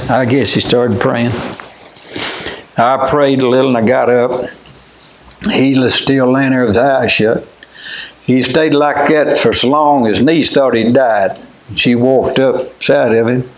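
An older man, preaching a homey, plainspoken sermon and telling stories between scripture readings. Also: medium pitch. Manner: plainspoken, homey, quotes scripture in old wording. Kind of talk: folksy sermon with storytelling. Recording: echoey room.

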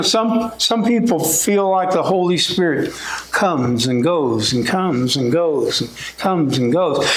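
A man's voice: a little high, reverberant, poor audio. A man preaching a sermon in a folksy way, his voice rising when he quotes scripture.

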